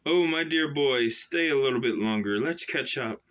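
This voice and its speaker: A man's voice: mid-range voice, animated, normal speed, fairly bright tone, lightly acted. A man doing a coaxing sinister old grandmaster. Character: older male emperor turned sinister grandmaster. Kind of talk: self-published novel read aloud.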